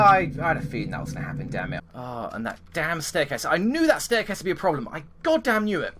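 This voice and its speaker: Over game music and a noisy background, a high-voiced man narrates his own gameplay live. He thinks out loud as a gaming commentator and curses the game in frustration.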